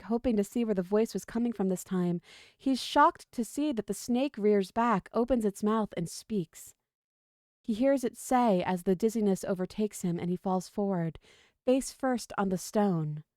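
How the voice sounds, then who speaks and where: A woman reading a long story aloud on a livestream in a steady, even narrating voice, close to the mic. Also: medium pitch, moderate pace, no echo.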